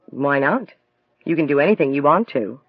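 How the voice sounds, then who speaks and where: A man's voice: fairly high pitch, lively intonation, normal speed, husky, no room sound, lo-fi sound. A man voicing an amused, curious young lawyer.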